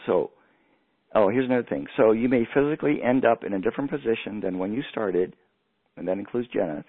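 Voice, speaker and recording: A man leading a guided energy meditation on a radio show, giving calm, slow, reassuring instructions over a phone line. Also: medium pitch, husky. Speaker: energy healer guiding listeners. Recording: tinny phone line, dry.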